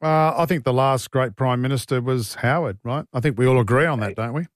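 A man's voice: mid-range voice, no echo, studio quality. Chatty male talkback radio host. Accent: Australian. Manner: chatty, joking, quick to laugh. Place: radio studio.

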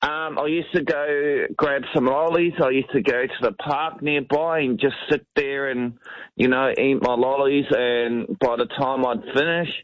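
A man's voice: medium pitch, fairly even intonation, measured pace, dry recording. Easygoing man from New Zealand, on-air chat, muffled dry radio sound.

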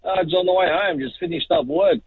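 A man in his forties with an Australian accent, a truck driver calling a radio show, talking haltingly with many fillers. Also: high-pitched, big pitch swings, no echo. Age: 40s. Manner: halting, full of fillers, gravelly. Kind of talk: phone-in chat. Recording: tinny dry phone line.

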